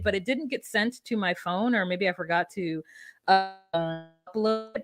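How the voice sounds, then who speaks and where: A woman's voice: medium pitch, no echo, studio quality. A woman co-hosting a podcast, recapping a reality show in casual chat with blunt, sarcastic, freely swearing remarks. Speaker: podcast co-host.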